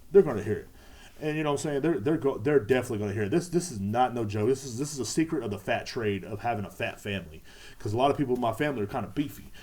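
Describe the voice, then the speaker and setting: A man's voice: mid-range voice, darkish tone. A man hosting a podcast, rambling casually with lots of profanity and repetition. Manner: profane, repetitive, laid-back. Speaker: podcast host.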